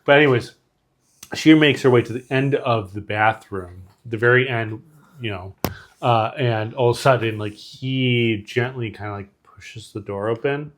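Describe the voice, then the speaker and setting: A man's voice: mid-range voice, normal speed. A man co-hosting a podcast, retelling a film scene in casual chat with lots of fillers and quoted lines. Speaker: podcast co-host. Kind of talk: casual movie recap chat.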